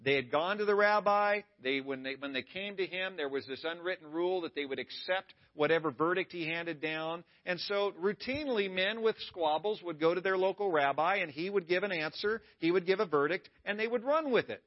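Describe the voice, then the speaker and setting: During a church service, a high-voiced pastor preaches fairly quickly with few pauses, keeping things conversational and tossing playful asides to the congregation. The audio is dull and lo-fi.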